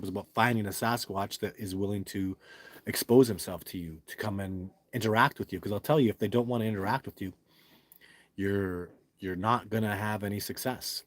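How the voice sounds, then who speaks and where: Rambling livestream host, lowish voice. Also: male voice. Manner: rambling, restarts often, reads comments aloud; emphatic and certain. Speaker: livestream host answering viewer comments. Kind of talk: casual live chat.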